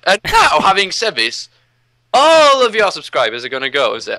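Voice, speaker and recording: A young man, hosting a casual gaming chat and telling stories in an animated, ranting way. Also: sits high, normal speed. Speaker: host.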